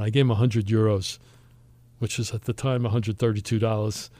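A man hosting a podcast, telling a travel story in a lively way and acting out the other people's lines. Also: fairly low pitch, moderate pace, no echo. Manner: animated storyteller, acts out quoted voices. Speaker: podcast host. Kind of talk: storytelling chat.

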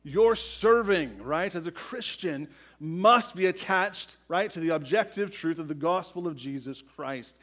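A pastor preaching a sermon in a slightly high male voice. He drives his points home with emphasis and keeps tossing in "right?" to his listeners. His volume swings from forceful declarations down to near-quiet. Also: lively intonation, measured pace.

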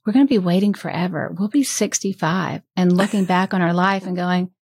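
A woman hosting a podcast as a business coach, talking candidly and earnestly about investing in yourself, with soft laughs. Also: fairly low pitch, fairly quick, slightly rough, no room sound. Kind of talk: candid conversational interview.

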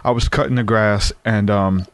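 Earnest low-voiced man telling a story. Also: steady tone, normal speed, background noise. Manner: earnest, conversational, frequent fillers and restarts. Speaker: guest sharing testimony. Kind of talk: casual storytelling.

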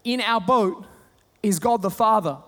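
A man with an Australian accent preaching a sermon, telling stories with humor and animated retellings. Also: high voice, unhurried, big-room sound. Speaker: pastor.

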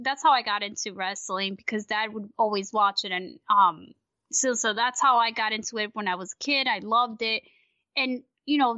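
A woman guest on a casual podcast, ranting in a rambling, profane, animated way. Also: a little high, no room sound, highs cut off.

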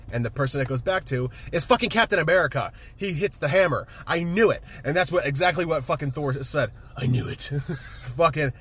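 A man casually retelling a movie with excitement, swearing freely and laughing often. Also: a little high, slight background noise. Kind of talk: casual chat, movie recap.

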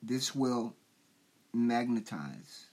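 Male host, mid-pitched voice, husky, drawn-out preachy commentary. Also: lively intonation, a little mellow. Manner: slow, preachy, asks rhetorical questions. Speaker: show host. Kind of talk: commentary monologue.

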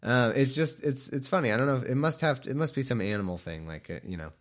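A man's voice: mid-range voice, animated, fast. Rambling, irreverent man reading scripture. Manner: irreverent, joking, rambling, self-mocking. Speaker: scripture reader. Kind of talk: casual Bible reading with rambling asides.

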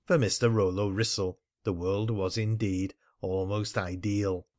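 A man narrating an audiobook in a measured, even reading style, close to the mic. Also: fairly low pitch. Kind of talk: scripted narration.

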